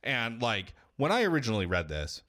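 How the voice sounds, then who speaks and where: A man on a podcast, casually retelling a video game story in an animated, profane way. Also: mid-range voice, brisk. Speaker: podcast co-host.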